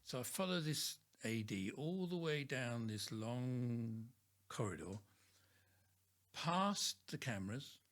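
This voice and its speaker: A soft-spoken man, a guest on a podcast, telling a story about working as an actor. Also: medium pitch, lively intonation, takes it slowly. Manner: soft-spoken, acts out voices in his story. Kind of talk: casual storytelling.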